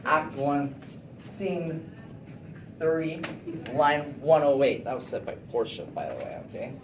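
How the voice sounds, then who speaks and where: A man's voice: a little high, unhurried. Teenage boy presenting in an echoey classroom. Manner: animated, keeps checking in with "okay?". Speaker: student presenter. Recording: echoey room, distant mic, noisy.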